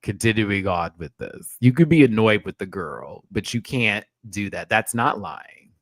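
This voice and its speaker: A man hosting a live show review, ranting in an animated and profane way. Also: on the low side, measured pace, no echo, clean studio sound. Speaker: host.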